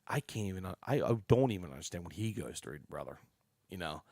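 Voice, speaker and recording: Low-voiced excitable man swearing freely. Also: fairly quick, no room sound, studio quality. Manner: excitable, rambling storyteller who swears freely. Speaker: podcast guest. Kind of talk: casual chat.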